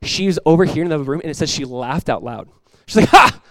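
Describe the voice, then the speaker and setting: Animated preaching man with a dry sound. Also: a little high, brisk, dry recording. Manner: animated preaching, acts out quoted voices, laughs. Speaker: pastor. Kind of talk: sermon. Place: church.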